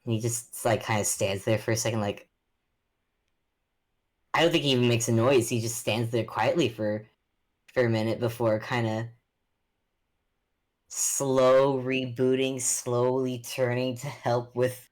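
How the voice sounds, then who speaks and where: A woman with a strikingly low voice plays a tabletop game, chatting casually. She thinks aloud with an amused tone. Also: fairly even intonation, measured pace, long pauses, darkish tone. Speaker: player.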